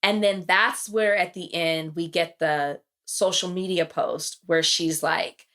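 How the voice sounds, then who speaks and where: A woman hosts a podcast in a casual, chatty recap, telling stories with animated energy. She slips into quoted lines with sudden jumps in pitch. Her everyday voice sits a little low. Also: slow pace. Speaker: podcast host.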